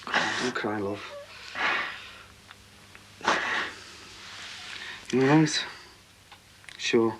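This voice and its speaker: A man's voice: fairly low pitch, steady tone, a little slow, natural voice. An actor playing a wisecracking young working-class man in a TV soap, teasing and sarcastic. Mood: comforting. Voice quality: teasing, sardonic. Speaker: son and boyfriend in a soap. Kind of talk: TV soap acting. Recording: noisy TV soundtrack.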